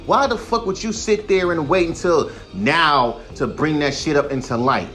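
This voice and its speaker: A young man hosts a solo podcast and vents in a heated, profane rant, sometimes mocking others in put-on voices. His voice sits a little on the high side. Faint music plays softly behind him. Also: moderate pace. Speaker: podcast host.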